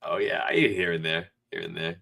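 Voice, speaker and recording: A man co-hosting a gaming podcast, telling stories in a casual, profane, animated way. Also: deep voice, a little fast, creaky, husky. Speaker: podcast co-host. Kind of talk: casual chat.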